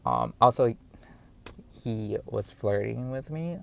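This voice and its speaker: A man's voice: medium pitch, wildly swooping pitch, slow, gravelly. A man with a noticeable accent giving an earnest, rambling talk to camera, encouraging viewers with many fillers and repeated words. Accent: noticeable non-standard accent. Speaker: vlogger. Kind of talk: casual motivational talk to camera.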